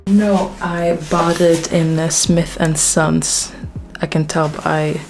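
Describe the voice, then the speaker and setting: A woman's voice: sits low, little pitch movement, slow, darkish tone, faint music behind. A woman from Sweden giving a casual bookshelf tour, chatty and self-deprecating with plenty of fillers, a little out of breath. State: slightly out of breath. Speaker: book vlogger.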